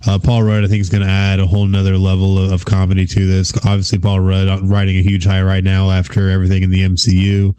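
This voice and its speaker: Male co-host, very low and mellow voice, relaxed casual chat. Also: fast talker, hardly any pauses, clean tone, no echo. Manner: relaxed, uses fillers like uh.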